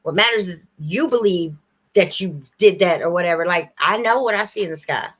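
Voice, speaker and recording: A woman hosting a livestream, rambling warmly and earnestly straight to her viewers in casual chat. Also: lowish voice, expressive, a little fast, breathy edge. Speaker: livestream host.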